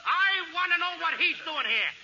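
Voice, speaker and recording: High pitched whiny comic guy cracking jokes, muffled old radio with hiss. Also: expressive, moderate pace. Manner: whiny, wisecracking, flustered. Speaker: comedian. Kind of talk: 1940s radio comedy. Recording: 1940s radio broadcast, dull with loud hiss.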